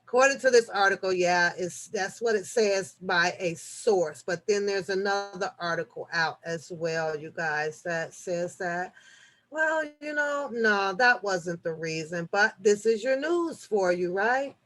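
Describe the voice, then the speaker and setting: A woman hosting a casual live-stream chat, reading news articles aloud and joking back at her viewers, shifting from low mutters to loud laughing outbursts. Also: a little slow, soft background music. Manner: chatty, reads articles aloud, jokes with the chat.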